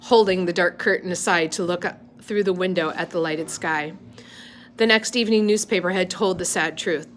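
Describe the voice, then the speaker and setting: A woman's voice: fairly low pitch, moderate pace, a little hiss or hum. A woman reading a novel aloud in an unpolished, amateur way, stopping now and then to correct her slips. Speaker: reader.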